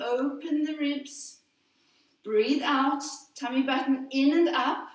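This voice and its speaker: Slow older woman instructor in echoey studio. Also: a little high. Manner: slow, gentle counting and cueing of breaths. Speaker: Pilates instructor. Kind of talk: guided exercise instruction. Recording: very echoey room, voice from a distance.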